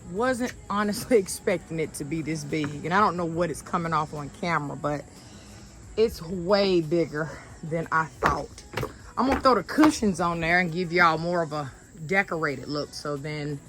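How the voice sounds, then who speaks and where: A woman's voice: low voice, moderate pace, slight background noise. A woman talking casually to her viewers while setting up patio furniture outdoors, a little out of breath. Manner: chatty, relaxed, addresses viewers directly. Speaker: lifestyle vlogger. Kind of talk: casual sponsored vlog. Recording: background music, voice sometimes far from mic.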